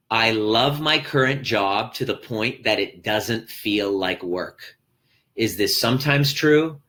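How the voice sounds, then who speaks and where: A man's voice: medium pitch, bright, forceful tone. A man talking as a life coach on a motivational live stream from a hotel room, speaking earnestly to viewers and repeating his key phrases.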